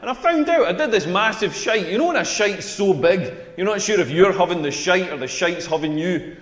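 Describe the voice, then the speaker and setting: A young Scottish man with a high, expressive voice talks fairly quickly, playing a crude stand-up comic who rambles through stories and bombs on stage. The routine takes place on a comedy stage in a hall, and the recording echoes around the room.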